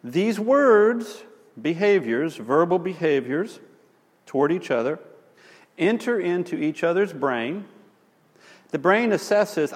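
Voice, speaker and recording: A man's voice: a little high, unhurried, in a large hall. A man teaching about marriage conflict, telling stories with wry asides. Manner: animated, storytelling, wry asides.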